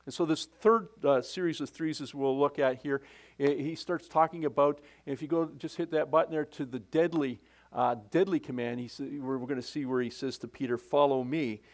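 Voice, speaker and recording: Middle-aged man, pastor, casual folksy sermon, somewhat high voice, frequent restarts. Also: fairly even intonation, a little fast.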